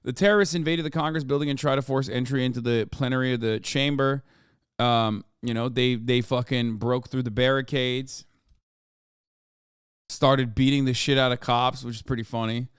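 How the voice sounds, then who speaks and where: A man's voice: medium pitch, steady tone, normal speed, clean tone, no echo, studio quality. A man hosting a livestream, reacting with sarcastic, rambling commentary full of "like" fillers. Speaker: streamer host.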